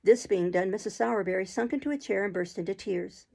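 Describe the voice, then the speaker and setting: A woman narrating a classic novel aloud, expressive, now and then clearing her throat. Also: medium pitch, fast talker, rough recording.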